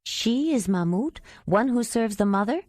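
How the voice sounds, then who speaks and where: A woman's voice: on the high side, expressive, unhurried, a little mellow, dry recording, voice pushed up. A woman reading the part of a skeptical woman who presses with questions. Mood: probing.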